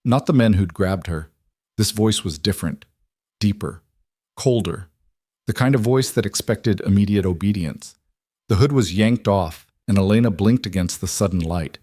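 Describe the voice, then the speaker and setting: A man with a low voice narrates a story in an even, measured manner. The recording is dry and close, with no room echo. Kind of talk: scripted audiobook narration.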